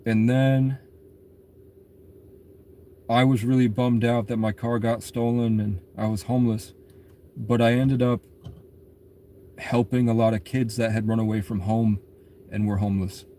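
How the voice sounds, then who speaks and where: A young man rants through a loose monologue about his past, rambling from one story to the next. He swears freely and laughs at his own punchlines, and his voice sits at an ordinary middle pitch. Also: flat delivery, a little slow, pauses often, dark tone, slight background noise.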